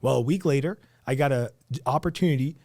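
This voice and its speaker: A young man with a New Jersey accent, a real estate agent appearing as a podcast guest, tells his story casually as an animated storyteller, acting out quotes and using many fillers. His mid-range voice moves fast, and the recording is dry.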